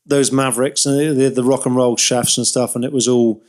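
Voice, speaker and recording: A man's voice: mid-range voice, little pitch movement, normal speed, a little mellow. A man in his thirties co-hosting a podcast, telling long rambling anecdotes in casual chat and laughing along. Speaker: podcast co-host.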